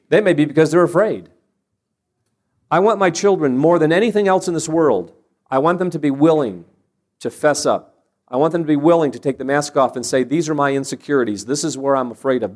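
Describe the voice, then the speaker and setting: A man's voice: on the high side, darkish tone. A man giving an earnest sermon-style talk on parenting, telling stories and often restarting phrases as he builds his point. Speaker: Christian parenting speaker. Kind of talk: sermon-style teaching with anecdotes.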